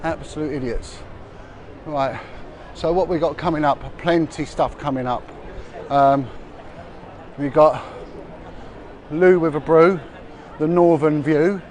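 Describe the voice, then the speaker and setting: A man's voice: a little high, slow, a little mellow. Rambling man vlogging on the street. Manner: chatty, rambling, many restarts and fillers. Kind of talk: walking livestream commentary. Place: busy city streets outdoors. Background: passers-by and street noise.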